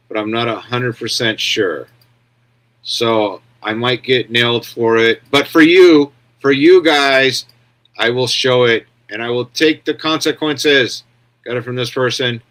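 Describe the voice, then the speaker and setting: A man's voice: medium pitch, unhurried, a bit bright. A man hosting a casual news commentary stream, rambling bluntly and answering viewer comments as he goes. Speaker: commentary show host.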